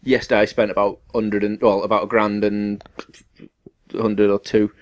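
A man's voice: fairly low pitch, little pitch movement, moderate pace. A young man, a podcast co-host, telling a story in casual chat with lots of swearing and acted-out quotes.

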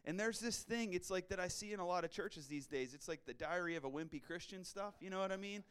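Male pastor, middle-aged, preaching in church: clear, resonant voice set a bit high, slangy and high-energy with the congregation. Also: fast talker, a bit bright. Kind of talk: sermon.

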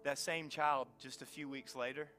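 A man in his thirties preaching a sermon in a church, telling family stories and dropping to a soft hush for emphasis. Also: medium pitch, steady tone, normal speed, faint music behind. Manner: storytelling, drops to soft near-whisper for emphasis. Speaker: pastor. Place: church sanctuary.

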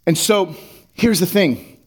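Man, pastor, conversational sermon, reads scripture then explains it casually, fairly high voice. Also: slow, breathy edge.

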